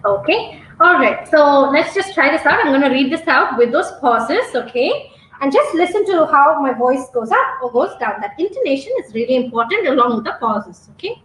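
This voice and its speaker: High-voiced woman coaching a webinar. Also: very animated, moderate pace, a bit bright, roomy sound, a little hiss or hum, poor audio. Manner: coaching, checks in with frequent "okay?". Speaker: exam prep trainer. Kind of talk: online webinar teaching.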